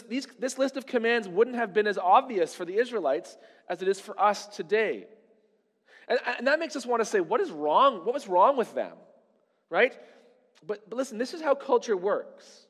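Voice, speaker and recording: A high-pitched male voice preaches a sermon in a long, ringing reverb. He talks to the congregation in a conversational way and keeps asking them rhetorical questions. The room sounds like a large church sanctuary. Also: a bit bright. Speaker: pastor.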